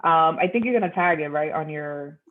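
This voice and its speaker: A woman's voice: deep voice, a little fast, over a noisy crowd. A woman guest on a podcast, bubbly and affectionate, laughing often in a casual chat. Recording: tinny phone-like line.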